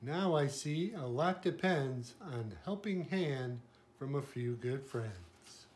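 An older man voicing a big, self-important male dump truck in a storybook reading, slow and blustering. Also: mid-range voice, expressive, a little mellow. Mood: grateful.

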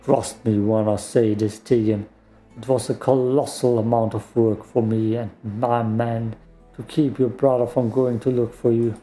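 A man's voice: medium pitch, little pitch movement, unhurried, warm tone, soft background music, close to an everyday voice. A man voicing a blunt, proud lord. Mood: earnest.

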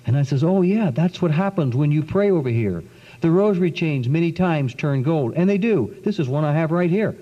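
A middle-aged man giving a religious testimony talk, telling his story with lively acted-out quotes. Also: a little high, a little fast. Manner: animated storyteller, acts out quotes. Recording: dull 1990s recording in a reverberant hall.

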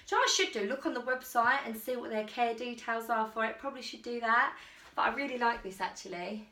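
A woman's voice: fairly high pitch, sharp tone. A woman chatting casually and enthusiastically through a clothing try-on haul in her own vlog. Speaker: fashion vlogger.

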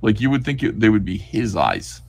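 A man's voice: lowish voice, normal speed, gravelly, breathy edge, no room sound. A man hosting a casual comic review stream, talking animatedly and reading panels aloud. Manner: animated, reads comic dialogue aloud in acted voices. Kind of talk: casual chat on a livestream.

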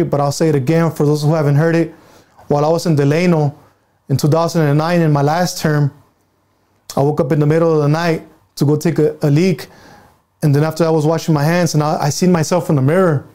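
High-voiced blunt man from San Jose. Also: mellow. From San Jose, California. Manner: blunt and profane, hammering points with repetition. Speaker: interview guest. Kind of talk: candid personal storytelling.

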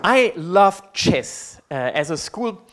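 A man's voice: sits high, big pitch swings, slow, fairly bright tone. German man giving a friendly lecture. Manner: friendly, joking, with frequent um and uh. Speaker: guest lecturer. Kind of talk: public lecture. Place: university hall. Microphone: amplified microphone.

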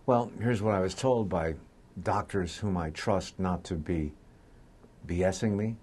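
An older man, a radio talk show host, speaking candidly in a news interview, with pauses and fillers. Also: sits low, darkish tone, slightly rough. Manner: candid, plainspoken, slow with pauses.

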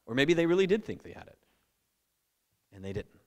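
A man's voice: fairly high pitch, fairly quick. Guy preaching in a church, chatty and playful, voice jumps all over, long hall reverb. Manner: conversational and animated, with playful asides. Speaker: pastor. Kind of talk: sermon.

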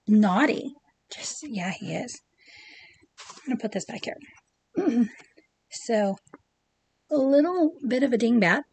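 Chatty woman vlogger, somewhat high voice. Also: creaky. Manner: chatty and warm, many ums and asides. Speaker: pin collecting vlogger. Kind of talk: casual chat to camera.

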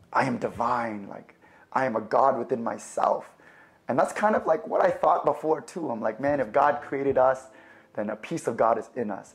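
A young man telling his faith testimony in a relaxed, conversational way, with fillers and replayed conversations. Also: medium pitch. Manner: animated, acts out both sides of remembered conversations. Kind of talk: personal storytelling.

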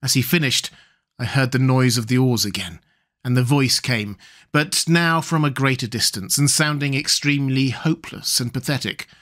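A man reading a horror short story aloud in a measured, steady storytelling voice. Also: medium pitch. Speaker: audiobook narrator. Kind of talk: scripted narration of a horror story.

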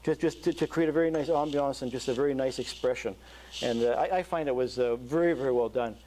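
A man, a structural engineer, giving a university lecture over slides, talking in a halting way with many fillers and restarts. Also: medium pitch, warm tone, a little hiss or hum. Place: lecture hall.

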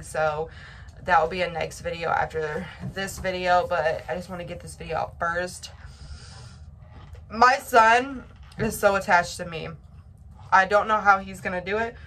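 A woman's voice: fairly low pitch, creaky, a bit bright, slight background noise. A young woman chatting casually to her vlog audience, rambling and emotional with lots of fillers and restarts. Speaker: vlogger.

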